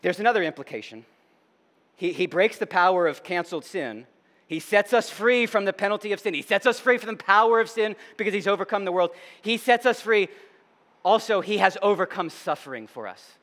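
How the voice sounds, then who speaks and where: A middle-aged male pastor preaching a sermon, moving between loud emphatic declarations and hushed reflection, with conversational asides. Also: sits high, lively intonation, a little fast, long reverb tail. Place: church sanctuary.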